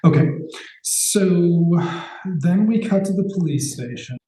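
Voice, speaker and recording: A man's voice: high voice, lively intonation, slow, reverberant, a crowd in the background, poor audio. A man co-hosting a podcast, recapping a TV episode in casual, sarcastic chat with the odd swear. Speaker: podcast co-host.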